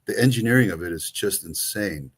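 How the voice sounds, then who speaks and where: A man with a very low voice and a Greek accent talks through a travel itinerary in a loose, rambling way. He co-hosts a casual travel show and fills his sentences with ums and restarts. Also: expressive, brisk, breathy edge. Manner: rambling, many fillers and restarts. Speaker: co-host, travel agent. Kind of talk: casual chat.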